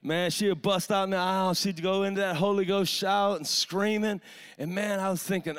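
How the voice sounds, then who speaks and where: Male preacher, high bright voice, fiery sermon delivery, keeps saying "man". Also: fairly even intonation, normal speed, smooth. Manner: impassioned, storytelling with frequent "man" fillers. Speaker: pastor.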